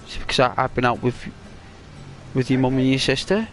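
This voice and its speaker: A man casually telling a rambling, halting story while commenting on a video game. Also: medium pitch. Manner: rambling, halting, excitable when retelling. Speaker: gaming commentator. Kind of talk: casual storytelling over gameplay.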